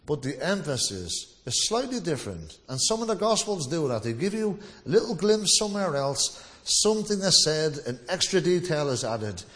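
A man's voice: fairly high pitch, very animated, normal speed, hardly any pauses, fairly bright tone. A man preaching a sermon in a conversational, anecdotal way, now and then acting out the voices of people he quotes. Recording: long reverb of a large hall.

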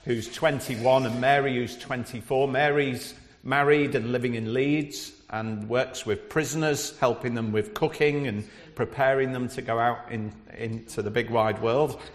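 A middle-aged man from Liverpool with a broad Scouse accent addresses a church service. He talks in a chatty way with frequent hesitations. His voice sits at a mid pitch and carries a long church reverb. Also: steady tone, a little slow, hardly any pauses. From Liverpool, England. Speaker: visiting preacher.

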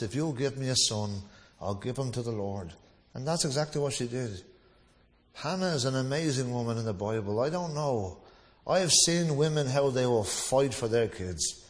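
A man delivers a sermon in an easy, chatty manner, with a pitch that sits right in the middle for a man. He drifts into anecdotes and sometimes acts out the voices of the people he quotes. His voice rings out with a long echo, as if recorded in a big church hall. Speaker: preacher. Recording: long reverb of a large hall.

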